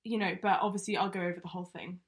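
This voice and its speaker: A woman's voice: lowish voice, little pitch movement, rapid-fire. Chatty woman hosting a true-crime podcast. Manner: chatty, many fillers like um and you know. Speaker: podcast co-host presenting the case.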